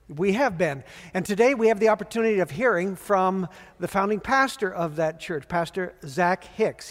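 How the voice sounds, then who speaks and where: A man who pastors the host church, warmly welcoming the congregation with questions and then introducing a guest preacher. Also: high-pitched. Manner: warm, affectionate, asks the congregation questions. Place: church sanctuary. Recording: long church hall reverb with soft music.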